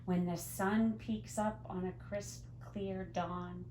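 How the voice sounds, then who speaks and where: A woman teacher reading a picture book aloud to young children, gently explaining words as she goes. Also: medium pitch, little pitch movement, slow, noisy background. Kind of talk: storybook read-aloud to children.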